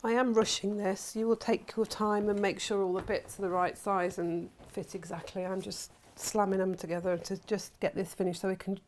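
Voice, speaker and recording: A woman's voice: medium pitch, flat delivery, normal speed, hardly any pauses, a little mellow, slight background noise. A woman hosting a crafting workshop, chatting casually and telling stories while she sews. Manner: chatty, storytelling, laughs often. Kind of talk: casual chat while sewing.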